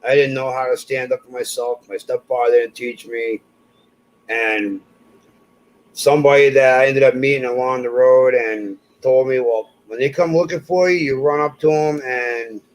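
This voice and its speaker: Chatting casually, a man with a mid-range voice tells personal stories and animatedly acts out the voices of the people he quotes. The audio quality is poor.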